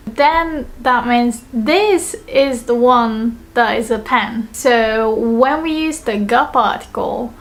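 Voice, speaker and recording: A woman teaching a language lesson who says her example sentences slowly and carefully. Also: a little high. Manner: slow, careful model sentences.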